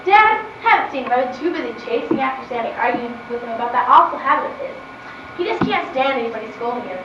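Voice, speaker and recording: A woman's voice: high voice, lively intonation, quick pace, noisy background. A young actress in a school stage play, playing a breathless, chatty girl. She is heard from far off in an echoey hall. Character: breathless chatty girl fussing over her operation. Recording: distant echoey hall, muffled.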